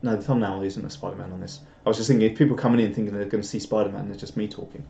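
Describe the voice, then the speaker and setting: A man's voice: lowish voice, steady tone, very fast, vocal fry, warm tone. Rambling young Englishman chatting on a stream. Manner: rambling and self-deprecating, with chuckles. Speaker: live stream host. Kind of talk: casual chat reading out viewer comments. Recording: roomy, slightly dull home stream audio.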